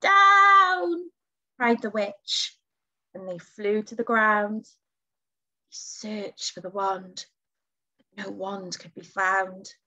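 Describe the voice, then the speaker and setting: Very slow expressive woman reading a storybook. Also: muffled recording. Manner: expressive, with big pitch jumps on key words. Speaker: teacher reading aloud. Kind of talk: picture book read-aloud to children.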